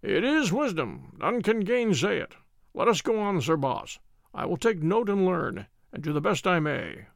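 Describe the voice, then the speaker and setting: A man's voice: high-pitched, big pitch swings, unhurried, vocal fry, no echo, studio quality, full character voice. A man voicing a proud, naive medieval king who speaks in stately archaic phrases, in an audiobook reading. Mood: musing.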